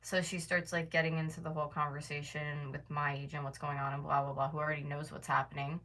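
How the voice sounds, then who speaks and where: A woman's voice: sits low, little pitch movement, fast, fairly bright tone, rough recording. A woman in her twenties from North America, venting in a casual storytime rant, swearing and filling her speech with "like". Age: 20s. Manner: exasperated, venting, swears often, many fillers like "like". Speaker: vlogger.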